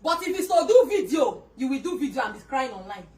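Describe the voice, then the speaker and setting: A woman's voice: sits high, big pitch swings, fast talker, a little mellow, slight background noise. A woman playing a defensive, sulky young wife in a family quarrel, answering back in short retorts. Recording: roomy room, voice from a distance.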